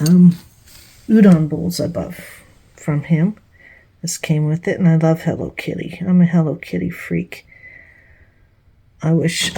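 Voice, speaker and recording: A woman's voice: on the low side, warm tone, slight background noise. A woman casually walking through her new home, chatting and rambling with fillers and small laughs. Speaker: vlogger giving a home tour. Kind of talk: casual home tour walkthrough. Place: small home indoors, bedroom and bathroom.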